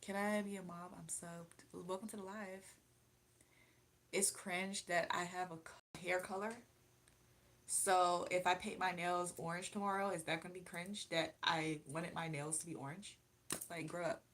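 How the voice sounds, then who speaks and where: A woman's voice: lowish voice, fairly even intonation, normal speed, fairly bright tone, a little hiss or hum. A young adult woman hosting a casual livestream, reading viewer comments and chatting in a rambling, laughing way. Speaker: livestream host.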